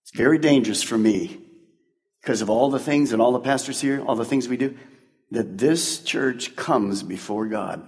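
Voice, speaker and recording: A man's voice: mid-range voice, moderate pace, a little mellow. A male pastor preaching to his congregation in an emphatic, conversational style full of rhetorical questions. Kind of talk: sermon. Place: large church sanctuary. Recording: long church-hall reverb.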